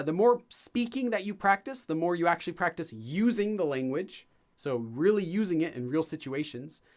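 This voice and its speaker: Man, high-pitched voice, chatty and rambling livestream language lesson, self-deprecating. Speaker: Korean language teacher.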